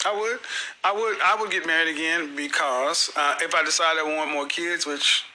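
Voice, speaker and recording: A man's voice: fairly high pitch, fairly even intonation, normal speed, bright, forceful tone, a little hiss or hum, low-quality recording. A middle-aged man hosting a casual panel talk show, speaking emphatically and tossing out joking one-liners. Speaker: podcast host.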